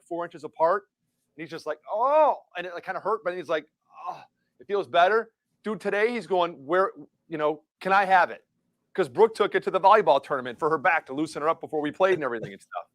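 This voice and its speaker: A man's voice: on the high side, dry recording. A middle-aged man co-hosting a live show, telling a long rambling story in casual chat. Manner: rambling storyteller, many restarts. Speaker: co-host.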